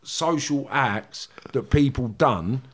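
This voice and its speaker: Slow-paced and slightly rough, with a mid-range voice, a middle-aged man in a London Cockney accent shares candid, rambling stories from his streetwise past as a podcast guest, frequently adding "do you know what I mean".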